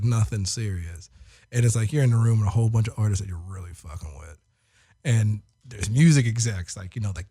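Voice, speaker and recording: Engineer and co-host, easygoing storyteller, mid-range voice, rambling and chuckly. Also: male voice, medium pitch, darkish tone. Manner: laid-back, heavy use of "like", laughs often. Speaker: audio engineer and producer. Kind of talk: casual storytelling chat.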